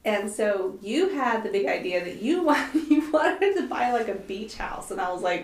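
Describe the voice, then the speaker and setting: A woman in her fifties, hosting a podcast, chatting casually with her husband and telling animated stories with frequent laughter. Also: mid-range voice, moderate pace, few pauses. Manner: animated storyteller, laughs often. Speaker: podcast host. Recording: echoey room.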